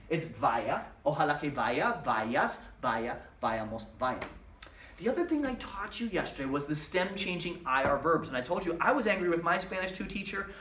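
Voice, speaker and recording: Male language teacher, slightly high voice, recorded off-mic in a roomy space, emphatic drilling. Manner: drilling verb conjugations aloud in chanted lists; lively, emphatic explaining with rhetorical questions. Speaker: Spanish teacher. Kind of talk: recorded classroom lesson. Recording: roomy sound, distant mic.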